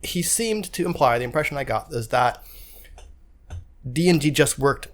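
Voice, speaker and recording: A man's voice: mid-range voice, expressive, moderate pace. A man co-hosting a casual podcast, chiming in with wry, sarcastic remarks. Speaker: podcast co-host.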